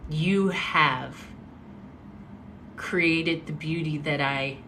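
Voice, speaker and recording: A woman telling a story casually on a livestream, animated and expressive, acting out what people said. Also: low voice, very slow, slight background noise. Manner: animated, expressive, acts out quotes. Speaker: motivational speaker.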